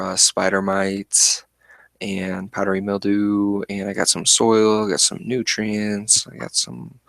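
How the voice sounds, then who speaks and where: Low-voiced rambling man streaming. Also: gravelly, a bit bright, no room sound. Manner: rambling, fidgety, self-described eccentric. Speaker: livestream host. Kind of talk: casual chat. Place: indoors at home with plants.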